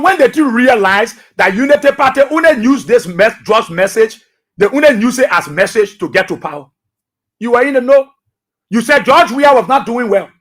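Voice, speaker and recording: A man's voice: very high-pitched, fairly bright tone. A man with a Liberian English accent hosting political talk radio, passionate and repeating phrases for emphasis.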